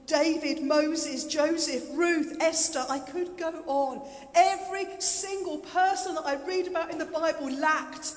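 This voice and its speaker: A woman's voice: very high voice, fairly even intonation, moderate pace. A woman preaching a sermon to a congregation, passionate and repetitive, leading call-and-response. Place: church hall with congregation. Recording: echoey hall.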